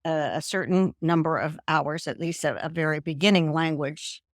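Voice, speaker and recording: A woman's voice: low-pitched, fairly even intonation, normal speed, no echo, studio quality. An older woman from the American South, telling her story as an interview guest over a video call. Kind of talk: casual interview talk.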